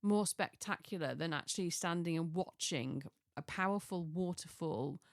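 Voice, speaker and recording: A woman's voice: fairly low pitch, moderate pace, gravelly, no echo, studio quality. A middle-aged woman from Chester, chatting casually through a list of ideas, rambling and restarting with chuckling asides. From Chester, England. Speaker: lifestyle vlogger.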